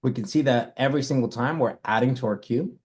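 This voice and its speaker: A man's voice: mid-range voice, fast. A man teaching a live coding lesson, talking through his code step by step and correcting himself as he goes. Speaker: coding instructor.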